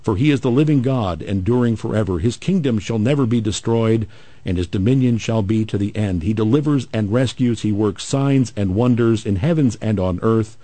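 Male host, low mellow dry voice, steady scripture reading. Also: no room sound. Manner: measured reading with playful asides. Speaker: radio show host.

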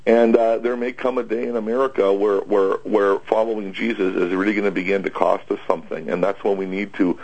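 Pastor, male, lowish husky voice, hesitant unscripted radio talk with frequent fillers. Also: steady tone, darkish tone, low-quality recording. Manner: halting, many fillers and restarts. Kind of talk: conversational Bible discussion.

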